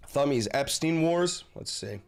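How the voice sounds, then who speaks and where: A man hosting a live stream and reacting to the news, swinging between yelling, profane outbursts and low muttering. He swears constantly. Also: gravelly. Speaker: livestream host reacting to news.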